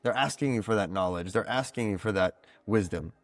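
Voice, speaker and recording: A man's voice: lowish voice, a little fast, dry recording, faint music behind. A man talking as a podcast guest in casual conversation, explaining ideas in a reflective, teacherly way with plenty of "like" fillers. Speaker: podcast guest, card reader.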